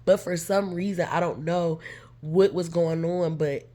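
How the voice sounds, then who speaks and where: Young woman vlogger, lower voice, animated storytime delivery, plays out every quote. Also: a little slow. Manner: animated, chatty, acts out quotes. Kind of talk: casual storytime.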